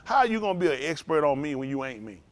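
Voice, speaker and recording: A man's voice: a little high, fast. Rambling older man preaching folksy sermon. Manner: folksy, rambling, animated storytelling. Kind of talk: informal sermon.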